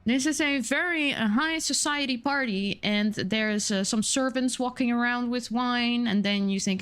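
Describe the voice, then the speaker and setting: A woman's voice: mid-range voice, unhurried, a bit bright, clean tone. Chatty woman game master narrating. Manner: descriptive, chatty, with many fillers. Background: faint music.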